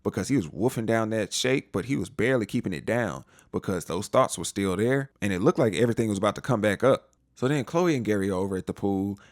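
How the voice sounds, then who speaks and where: Man, low voice, lively up-and-down delivery, casual show recap, slangy asides, dry close sound. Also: fast talker, no room sound. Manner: animated retelling with slangy asides. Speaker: TV recap host.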